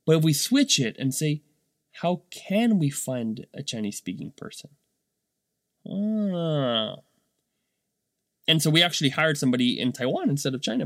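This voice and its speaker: A man in his thirties talks casually with a slightly high voice. He fills his speech with "um", "like" and a questioning "right?". The recording is close and dry, with no room sound. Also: a bit bright, no room sound. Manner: chatty, many fillers and rhetorical "right?". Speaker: business owner vlogger. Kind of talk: casual monologue.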